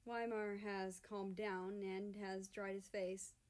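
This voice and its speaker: A woman reading a fan-written story aloud in a soft, unhurried narration. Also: mid-range voice, little pitch movement. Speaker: fan fiction reader.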